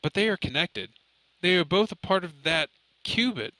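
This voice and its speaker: A man's voice: high voice, lively intonation, normal speed, bright, forceful tone, dry recording, voice pushed up, poor audio. A man voicing a frightened, tearful young man. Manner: pleading, shaky, near tears. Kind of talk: audiobook character voice.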